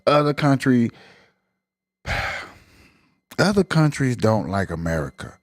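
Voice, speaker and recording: A man holds forth on his live stream in a casual, slangy rant, stressing his points hard. His voice sits at an ordinary pitch, and the recording is dry and close with no room sound. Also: big pitch swings, slow pace, no echo. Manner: emphatic, colloquial, ranting.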